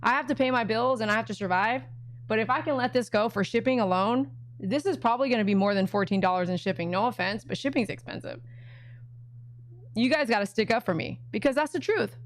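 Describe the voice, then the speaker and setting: A woman's voice: on the high side, brisk. A middle-aged woman at home running a casual live auction stream, chatting with viewers and talking to her dogs.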